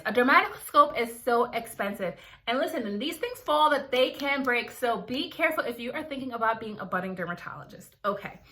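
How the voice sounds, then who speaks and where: A young woman, a dermatology resident, chatting casually to her viewers in an animated storytelling vlog. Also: fairly high pitch. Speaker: dermatology resident, video creator.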